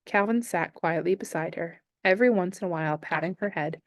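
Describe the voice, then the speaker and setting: A woman teacher reading a novel aloud to her class in a calm, steady storytelling manner. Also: fairly low pitch, brisk, no room sound, clean studio sound.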